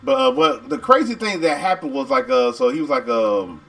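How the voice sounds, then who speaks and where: Male co-host, gravelly voice, lively up-and-down pitch, halting retellings full of fillers. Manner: halting, repeats words, lots of fillers. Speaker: movie reaction co-host. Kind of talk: casual movie recap chat.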